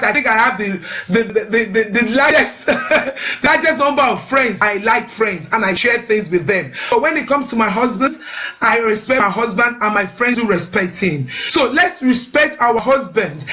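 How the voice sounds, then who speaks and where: A woman's voice: a little high, a bit bright, muffled recording. A woman hosting a live-streamed marriage advice talk. She speaks earnestly, urges her listeners and often repeats words while she finds the next one. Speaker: host of a marriage advice show.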